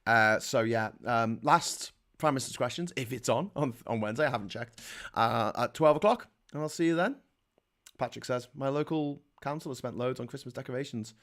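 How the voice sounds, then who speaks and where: A man's voice: medium pitch, brisk, fairly bright tone. A middle-aged man with a Liverpool accent, hosting a casual livestream, sarcastic and full of swearing as he rants and reads out chat messages. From England. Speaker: livestream host.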